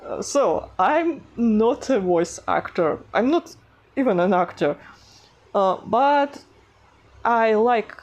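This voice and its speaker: A woman's voice: a little high, animated, slow pace, darkish tone. A woman with a non-native accent narrating her art vlog in a hesitant, casual way, full of fillers and self-conscious giggles. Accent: non-native English accent. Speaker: animation artist vlogger.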